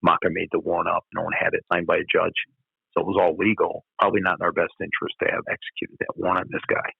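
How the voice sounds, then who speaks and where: A man's voice: low-pitched, completely flat delivery, quick pace, creaky, husky, no echo. A former police officer, telling his stories bluntly and with plenty of swearing in an interview. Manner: blunt and profane. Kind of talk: candid interview storytelling. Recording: tinny phone-like dry sound.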